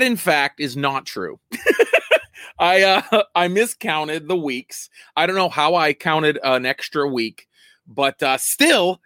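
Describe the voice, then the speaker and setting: A man's voice: on the high side, bright, forceful tone, no echo, studio quality. A man hosting a casual daily video from home, rambling, correcting himself and laughing often. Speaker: comedian and vlog host.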